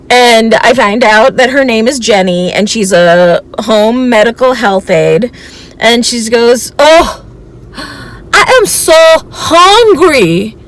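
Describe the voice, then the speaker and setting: A woman reseller vlogger telling a thrift-store story in a chatty, animated way. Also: medium pitch. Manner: chatty, animated, laughs between lines. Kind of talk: casual storytelling vlog.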